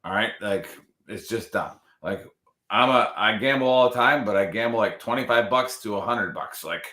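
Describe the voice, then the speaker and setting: A man with a bright, forceful voice hosts a live show. He jokes and rambles casually with his co-hosts. The sound carries a roomy echo. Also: fairly low pitch, normal speed. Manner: loose, joking, rambling. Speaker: podcast host.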